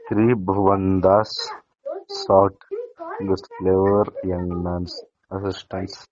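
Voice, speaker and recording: A man, a student reading a lesson aloud haltingly, with small slips and restarts. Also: low voice, very animated, darkish tone, muffled recording.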